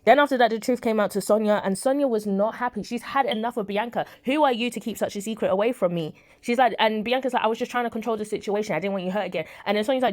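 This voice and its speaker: Brief: woman soap reviewer, quick chatty delivery, talks straight at the characters, dry close sound. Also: a little high, no echo. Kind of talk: casual recap and commentary.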